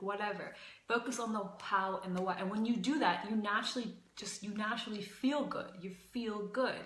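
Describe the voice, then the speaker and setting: A woman's voice: fairly low pitch, a bit bright, echoey room. A young adult woman teaching as a life coach in a casual livestream, talking emphatically and repeating phrases, a bit out of breath.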